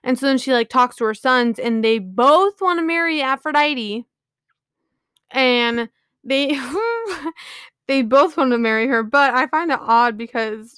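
Woman host, slightly high and smooth voice, loose chatty retelling, lots of "like"s, keeps apologizing. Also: a bit bright, dry recording, clean studio sound. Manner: rambling, filler-heavy, often apologizing. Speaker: podcast host. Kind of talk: casual retelling of a book.

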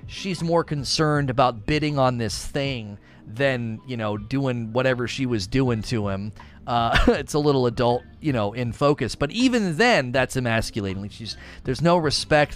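A man talking through a review in a loose, casual way, leaning on filler words and restarting his sentences. His voice sits at a middling pitch and climbs higher when something excites him. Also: moderate pace. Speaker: show reviewer.

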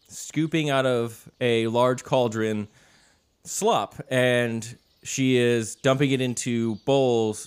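A man running a tabletop game as game master, narrating scenes in a relaxed way with frequent chuckles. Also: medium pitch, clear, resonant tone.

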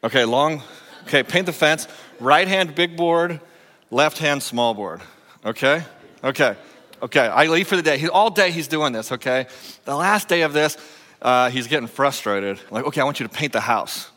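A male senior pastor preaching a sermon in a playful, animated way, coaching a volunteer through a skit. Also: on the high side, normal speed. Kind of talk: sermon with a live audience skit. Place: church sanctuary. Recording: long echoing church hall.

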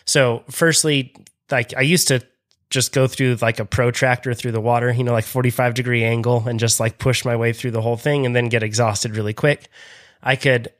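A man's voice: medium pitch, steady tone, fairly quick, a bit bright. A man co-hosting a podcast in casual chat, talking loosely with many fillers and frequent laughs. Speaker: podcast co-host.

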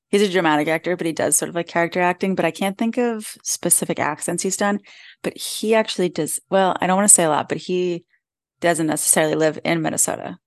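A woman's voice: fairly low pitch, vocal fry, dry recording, studio quality. A young woman co-hosting a podcast, chatting with casual enthusiasm. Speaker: podcast co-host. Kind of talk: casual chat.

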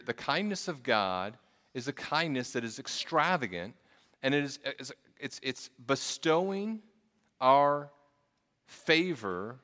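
A man delivers a sermon in an earnest, storytelling way, often restarting his phrases and repeating words. His voice is bright and forceful. It rings out with the long reverb of a large hall. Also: mid-range voice. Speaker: pastor.

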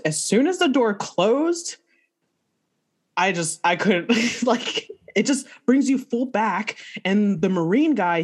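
Woman, casual storytelling, laughs a lot, quotes herself, lively pitch. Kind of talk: casual chat.

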